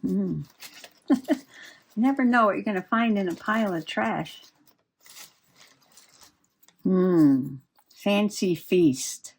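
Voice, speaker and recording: A woman's voice: medium pitch, slow, long pauses. A woman chatting and giggling as she works on a craft project. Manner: chatty, giggly, talks while working. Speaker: crafting vlogger. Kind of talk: casual crafting chat.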